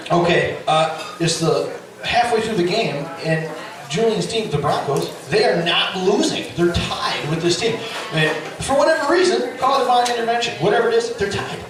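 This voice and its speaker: A middle-aged man doing stand-up storytelling, animated and profane, with loud yelling bursts. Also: high voice. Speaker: stand-up comedian. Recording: echoey club, distant mic, audience. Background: audience laughter.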